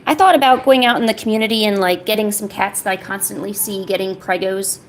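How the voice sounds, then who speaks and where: A woman's voice: mid-range voice, fast, a little hiss or hum. A woman chatting casually on an art livestream, playfully scolding her cat in a mock-stern voice.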